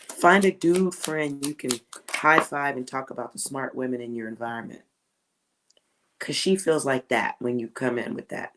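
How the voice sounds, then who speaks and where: A woman doing a live tarot reading for a viewer. She speaks slowly and lets her words stretch out, blunt and full of slang. She laughs often and jumps between loud outbursts and near-whispered asides. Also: sits low, low-quality recording. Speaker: tarot reader.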